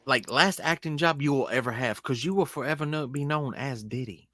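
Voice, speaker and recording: A man co-hosting a podcast in casual chat, joking and animated, saying "bro" a lot. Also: mid-range voice, brisk, no room sound. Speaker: podcast co-host.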